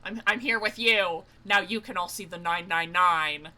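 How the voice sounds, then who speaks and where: A young woman streaming a game, excitable and loud, swearing, laughing and screaming as she plays. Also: lowish voice, normal speed. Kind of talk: let's play commentary.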